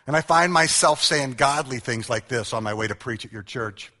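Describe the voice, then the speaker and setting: Animated preacher man in a reverberant hall. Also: medium pitch, a little fast, hardly any pauses. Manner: animated storytelling, acting out quotes, self-mocking humor. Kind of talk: humorous sermon. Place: large church hall. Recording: church hall with long reverb.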